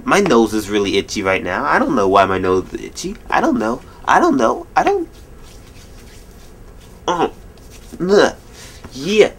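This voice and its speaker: A man in his twenties rambling jokily through a late-night vlog at home, telling stories in an animated way. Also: mid-range voice, unhurried, long pauses, breathy edge. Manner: rambling, jokey, animated storytelling. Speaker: vlogger.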